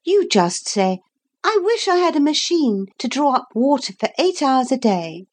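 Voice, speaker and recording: A bold little girl in a storybook speaks up with a clear, high little voice, as a woman reader puts her on. She is firm and insistent, her voice lifted well above the reader's own. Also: big pitch swings, takes it slowly, dark tone, exaggerated voice. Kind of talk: storybook reading.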